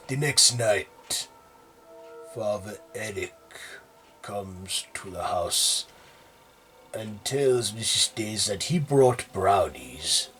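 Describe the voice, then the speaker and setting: A man narrating a horror story in a slow, steady way. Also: fairly low pitch, a little hiss or hum.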